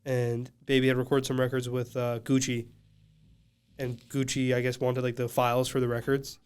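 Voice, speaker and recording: A laid-back man tells studio stories on a podcast, his voice smooth and clear. He talks in loose slang and breaks into laughter often. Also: medium pitch, completely flat delivery, moderate pace. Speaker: guest, studio engineer. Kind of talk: casual podcast storytelling.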